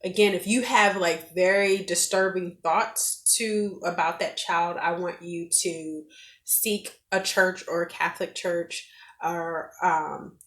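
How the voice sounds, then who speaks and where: Woman vlogger, thirties, lowish voice, candid and animated, echoey room. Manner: candid, animated storytelling with many fillers. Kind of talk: casual advice monologue.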